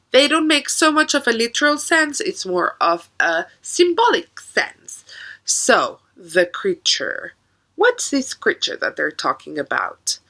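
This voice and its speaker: Woman teaching a poem, bright tone, slow careful delivery. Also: medium pitch, rough recording. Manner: patient, explains step by step with questions to the class.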